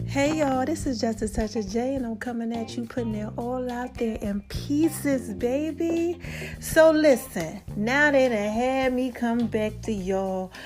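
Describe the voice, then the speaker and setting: A woman's voice: a little high, unhurried, over music. A woman hosting her own podcast in casual solo chat, laughing often and calling her listeners baby and y'all. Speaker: podcast host.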